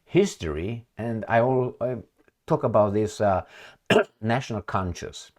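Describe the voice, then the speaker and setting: Deep-voiced man mocking commentary. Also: unhurried. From Romania. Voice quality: sarcastic, mocking. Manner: rambling, animated, frequent fillers and laughs. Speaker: political commentary vlogger. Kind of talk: casual commentary vlog.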